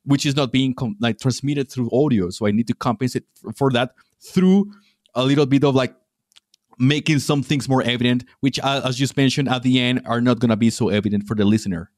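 A man's voice: mid-range voice, a little fast, dry recording, clean studio sound. A man hosting a podcast interview, talking casually and thinking aloud, often restarting his sentences. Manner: hesitant, many fillers and restarts. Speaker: podcast host.

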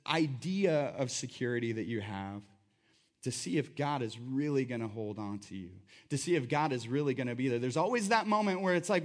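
A man preaching a sermon in a conversational, animated way, acting out voices as he tells the story. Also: mid-range voice, a little fast. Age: adult. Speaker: pastor.

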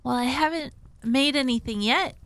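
A woman's voice: sits high, moderate pace, fairly bright tone, dry recording. A woman playing in a tabletop game, cheerful and chatty in role. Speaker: player.

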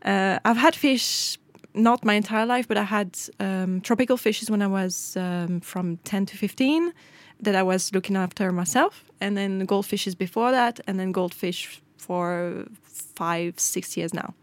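A woman's voice: medium pitch, a little slow, no room sound. A middle-aged woman, co-hosting a casual chat and telling a story with quoted dialogue. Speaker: podcast co-host.

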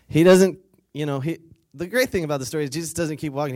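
This weekend retreat speaker's voice sits on the high side and moves a little fast. In a conversational sermon, he reads from scripture, retells it casually while playing the people in the story, shares laughs with the audience, and has them say lines back to him.

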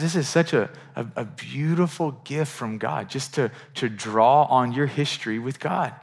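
A middle-aged man preaching to his congregation in a church, his voice sitting at an ordinary middle pitch. He talks in an earnest, conversational way, often restarting and repeating words as he builds toward a point. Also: creaky. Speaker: pastor. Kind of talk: sermon.

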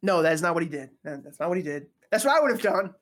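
A woman's voice: sits low, big pitch swings, rapid-fire. Joking, slangy woman preacher. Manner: conversational, joking, slangy asides. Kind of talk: casual sermon.

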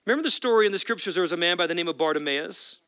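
A male pastor delivers a sermon with a high, bright, forceful voice. He builds impassioned runs of repeated phrases. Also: animated, very fast, smooth, no echo. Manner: impassioned, repetitive preaching cadence.

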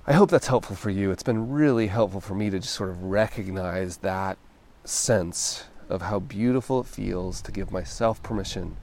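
A man hosting a solo podcast, speaking in a gentle, reflective, encouraging way and often checking in with "right?". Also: lowish voice, vocal fry, a little hiss or hum. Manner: conversational, often ends thoughts with "right?". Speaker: podcast host.

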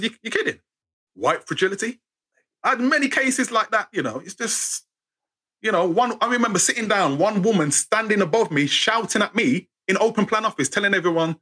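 British guy telling stories, husky voice, super lively, does little voices for people. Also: high voice. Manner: expressive, acts out voices, sarcastic wit. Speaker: guest storyteller. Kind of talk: animated storytelling interview.

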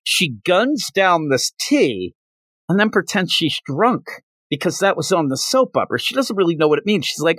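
A man hosting a podcast, retelling a manga chapter in a loose, rambling way with plenty of fillers. His voice is animated and jumps around in pitch. The recording is dry and close, with no room echo. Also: moderate pace. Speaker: podcast host. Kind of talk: casual manga recap.

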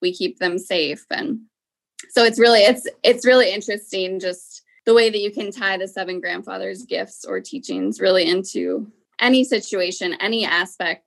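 A woman who works in a school talks in an earnest, reflective way. She often pauses with filler phrases as she gathers her thoughts. Her voice sits at a medium pitch. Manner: earnest, with frequent "you know" fillers. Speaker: school educator. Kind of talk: reflective interview talk.

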